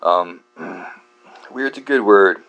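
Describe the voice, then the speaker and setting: A man hosting a book channel, talking through a rambling casual monologue, halting with many fillers and restarts, swearing often and laughing at himself. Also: deep voice, vocal fry, lo-fi sound. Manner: self-deprecating, laughs at himself.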